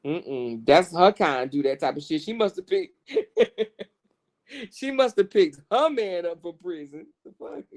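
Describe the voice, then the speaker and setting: A woman's voice: lowish voice, a little slow. A woman hosting a casual gossip livestream, cursing freely and laughing often as she talks. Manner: profane, animated, laughs often. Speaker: livestream host.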